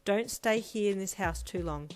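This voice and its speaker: A woman voicing a sorrowful father in a read-aloud story, talking softly but sternly. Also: medium pitch, normal speed, lightly acted. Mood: weary. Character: stern, sorrowful father, middle-aged man.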